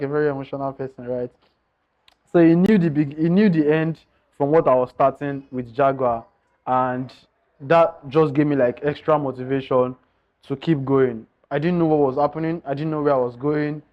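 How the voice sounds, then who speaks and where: A man's voice: medium pitch, steady tone, normal speed. A man telling his own story in a candid, earnest way, often calling his listeners guys. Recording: slightly dull lo-fi sound.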